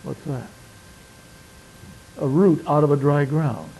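A man preaching a sermon, reading scripture slowly and swinging between loud emphatic passages and quiet murmured asides. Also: a little high, slight background noise, rough recording. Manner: slows down to stress scripture quotes.

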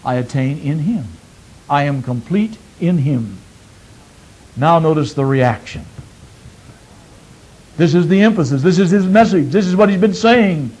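A man preaching a sermon, asking his listeners questions and repeating phrases, swinging from loud emphatic peaks to quiet low asides. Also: lively intonation, a little slow, pauses often, husky, poor audio.

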